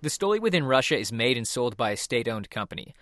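A man reporting a scripted radio news piece in a measured, even delivery. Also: medium pitch.

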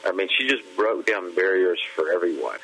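A man's voice: low voice, brisk, sharp tone, low-quality recording. A man who worked as a political strategist, giving earnest, plain-spoken interview remarks.

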